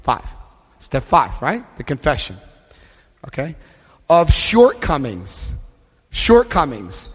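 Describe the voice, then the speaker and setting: A man giving a lively, joking talk to an AA convention crowd, often acting out other people's voices. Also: on the high side, slow pace, long pauses, slightly rough, faint music behind. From United States. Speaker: AA convention speaker. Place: large convention hall. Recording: live hall recording with long reverb.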